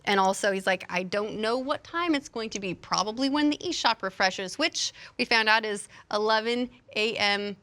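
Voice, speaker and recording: Bright, chatty woman host. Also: medium pitch, expressive, normal speed, few pauses. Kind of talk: casual podcast chat.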